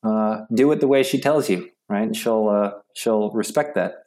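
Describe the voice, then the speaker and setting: Halting man telling a yoga story. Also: fairly low pitch. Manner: halting, with many restarts and fillers, animated when quoting. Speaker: interview guest, yoga practitioner. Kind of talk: casual storytelling interview.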